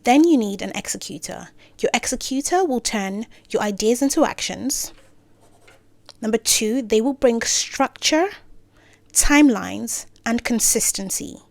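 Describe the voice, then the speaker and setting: A woman talking casually to camera with career advice, full of playful asides and self-corrections, sometimes dropping into soft near-whispers. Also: a little high, expressive, unhurried, vocal fry, dry recording. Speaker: creator giving career advice.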